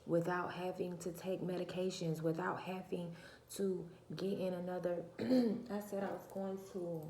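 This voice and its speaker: A woman with a low, gravelly, cracking voice gives a preachy vlog monologue, asking her viewers one rhetorical question after another. She is soft-spoken by nature, and her mellow, fry-edged tone sits a little low for a woman. The room sounds roomy, with faint noise behind her. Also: fairly even intonation, measured pace. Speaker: channel host. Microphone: phone or camera mic, her own mic uncharged.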